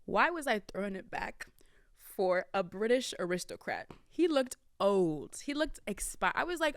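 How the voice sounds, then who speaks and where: A podcast host in her early twenties tells a casual story to her listeners, chatty and very animated, calling them y'all and swinging her pitch and volume for drama. She speaks at normal speed, with no echo and clean studio sound.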